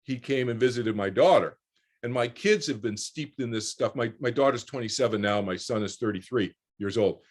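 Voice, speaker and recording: A man's voice: medium pitch, moderate pace. A man in his sixties telling a personal story as a guest on a video call, rambling with repeated words and restarts. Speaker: guest speaker.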